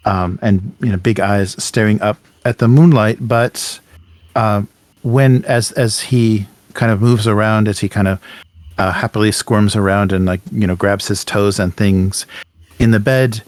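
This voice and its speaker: Male game master, low voice, dry close sound, hesitant narration full of fillers. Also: steady tone, darkish tone, dry recording. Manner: halting, many fillers and restarts.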